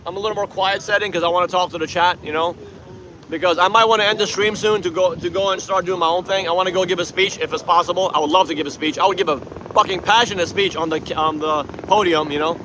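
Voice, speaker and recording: A man's voice: high voice, fairly even intonation, quick pace, background noise. A young man from Iran livestreaming from a street protest on a handheld phone, chatting boastfully and combatively with his viewers. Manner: boastful and combative, addresses chat directly. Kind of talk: casual livestream chat.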